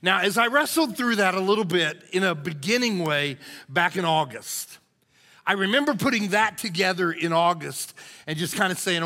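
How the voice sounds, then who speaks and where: A male pastor preaching a sermon in a church, folksy and conversational, his voice a bit hoarse. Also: high voice, lively intonation, normal speed, bright, forceful tone. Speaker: lead pastor. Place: church sanctuary. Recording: long reverb of a church hall.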